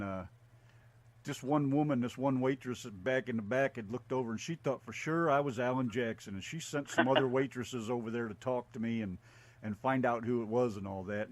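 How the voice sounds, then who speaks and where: A man from Texas, hosting a radio interview with easygoing, joking banter. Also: mid-range voice. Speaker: radio show host. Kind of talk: casual interview chat.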